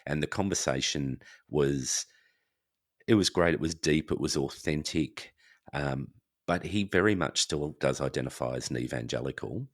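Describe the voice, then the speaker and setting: A man's voice: rumbling low, moderate pace, no echo, clean studio sound. A man from Australia, a podcast guest talking casually and acting out other people's reactions with energy. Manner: animated, acts out quoted reactions. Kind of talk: casual conversation.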